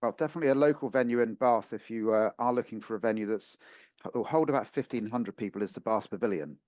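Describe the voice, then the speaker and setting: A man's voice: fairly low pitch, quick pace, darkish tone, no echo, dull audio. A man in his fifties from Portsmouth hosting a local radio interview, chatty with frequent fillers. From Portsmouth, England. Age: 50s. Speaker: radio host.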